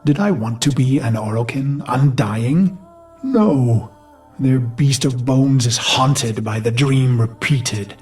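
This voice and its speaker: A man's voice: mid-range voice, a little mellow, soft background music, close to an everyday voice. Ordis: a man playing a haunted, vengeful warlord. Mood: defiant. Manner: slow, grave, haunted inner monologue. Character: brooding, vengeful human warlord recalling his past. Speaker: narrator of a memory. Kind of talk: game cutscene narration.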